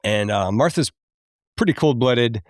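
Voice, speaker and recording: A man in his thirties hosting a podcast, chatty and quick to laugh as he recaps a film and admits it moves him. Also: mid-range voice, expressive, no echo, clean studio sound. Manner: chatty, laughs often, openly emotional. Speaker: podcast host.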